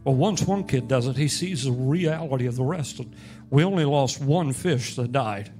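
A man preaching a sermon as pastor, storytelling and rising to loud, emphatic peaks, with soft music behind. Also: medium pitch, lively intonation, moderate pace.

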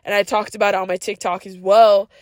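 A woman's voice: mid-range voice, level tone, fast talker, a little mellow, no room sound, studio quality. A woman hosting a podcast, giving a casual but earnest, preachy monologue full of "like" and slang such as "yo" and "bro". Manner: frequent "like" fillers. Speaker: podcast host.

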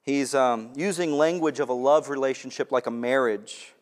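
Animated male preacher with a ringing reverb. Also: mid-range voice, normal speed. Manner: conversational, animated preaching with repeated words. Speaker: pastor. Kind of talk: sermon.

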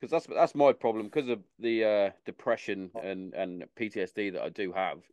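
Male podcast host, low voice, dry close sound, casual, stammery. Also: moderate pace, darkish tone, no echo. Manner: casual, stammers and repeats words.

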